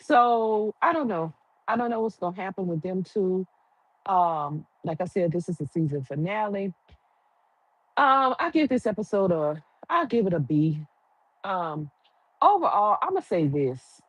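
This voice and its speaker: A woman's voice: mid-range voice, very animated, measured pace, no room sound, low-quality recording. A woman giving a casual, opinionated recap of a TV episode, firing off rhetorical questions in colloquial speech. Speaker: TV recap reviewer. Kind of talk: casual chatty review.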